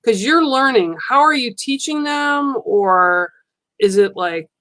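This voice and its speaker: A woman's voice: on the high side, animated, slow pace, fairly bright tone, dry recording. A middle-aged woman hosting a casual interview, leading her guest with questions. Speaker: host.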